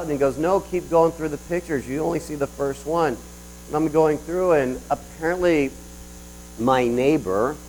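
A man's voice: mid-range voice, slight background noise, rough recording. A man delivering a sermon in a conversational storytelling way, telling a personal story with frequent restarts. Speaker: preacher.

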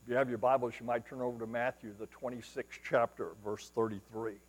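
A male preacher delivering a sermon, retelling scripture as dramatic storytelling, rising to loud exclamations and dropping to hushed asides. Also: medium pitch, steady tone, brisk, long reverb tail, rough recording.

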